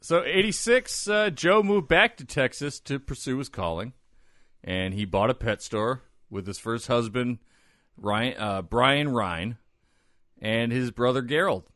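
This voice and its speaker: A man hosting a casual comedy podcast, telling a story in an animated way, swearing and laughing often. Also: medium pitch, unhurried, no echo, clean studio sound.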